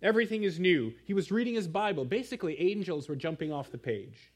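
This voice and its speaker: Animated storytelling preacher, higher voice. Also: male voice, husky. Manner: animated storytelling with quick asides. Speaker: pastor. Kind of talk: sermon. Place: church.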